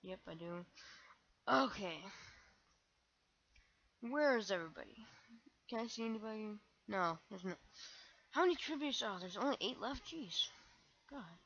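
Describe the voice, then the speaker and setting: A young woman commenting on her own gameplay, excitable and self-mocking, breaking into shrieks when panicked. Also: mid-range voice, a little slow, vocal fry, long pauses, breathy edge, dull audio. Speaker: gaming channel host.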